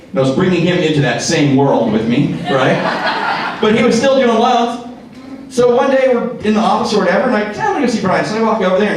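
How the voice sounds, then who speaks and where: A man presenting a punchy motivational sales talk to a live audience at a real estate seminar, firing off rhetorical questions. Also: high voice. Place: meeting room with live audience. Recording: echoey room, recorded from far off.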